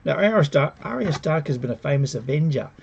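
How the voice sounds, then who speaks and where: A man giving a casual, sarcastic spoken review, animated and mocking the characters as he retells scenes. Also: fairly high pitch, fairly quick, creaky, lo-fi sound, slight background noise. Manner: animated, sarcastic, mocks characters with put-on quotes. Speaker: TV show reviewer.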